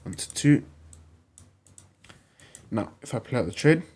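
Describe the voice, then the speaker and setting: A man's voice: medium pitch, animated, a little slow, a little mellow, slightly rough. A young man hosting a trading channel, talking through a screen-recorded tutorial in a plain, repetitive, instructive way.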